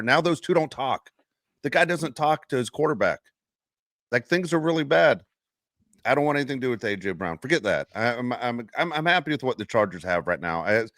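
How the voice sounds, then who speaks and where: A man hosting a casual sports podcast, talking in an emphatic, animated way. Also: mid-range voice, no room sound, studio quality. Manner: animated, emphatic trash talk. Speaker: podcast host.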